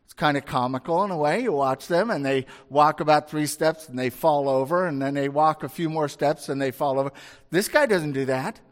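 A man preaching a sermon in a relaxed, conversational way, often tossing out rhetorical questions. His voice sits fairly high. A long reverb trails each phrase. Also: fairly quick.

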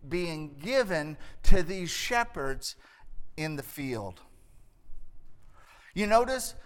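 High-voiced male pastor, unhurried sermon. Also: fairly bright tone, in a large hall. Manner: dramatic storytelling, acting out the angel and reading scripture with rising force.

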